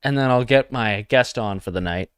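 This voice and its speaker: A man's voice: mid-range voice, normal speed, a bit bright, clean tone, no room sound, clean studio sound. A young man hosting a satirical comedy livestream, talking provocatively and mockingly and reading comments from chat.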